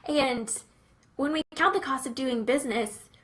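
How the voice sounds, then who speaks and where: A young woman with a bright, forceful voice, speaking a little higher than most. She talks in an earnest, casual way about faith and running a business, sprinkling in fillers as she goes. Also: normal speed, poor audio. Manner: earnest and conversational, many fillers like "um" and "like". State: briefly teary-eyed. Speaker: Christian business coach.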